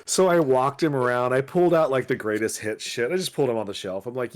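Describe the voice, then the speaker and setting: A man's voice: mid-range voice, quick pace, hardly any pauses. A man on a podcast telling a story about customers at his shop, swearing a lot and sounding fed up. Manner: profane, exasperated retelling with quoted customer voices. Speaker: podcast co-host, comic shop worker. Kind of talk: casual storytelling chat.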